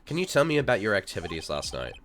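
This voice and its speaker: A man's voice: on the low side, huge pitch swings, quick pace, a bit bright, faint music behind. A man voicing a young male defense lawyer in a game reading, with dry, wry remarks.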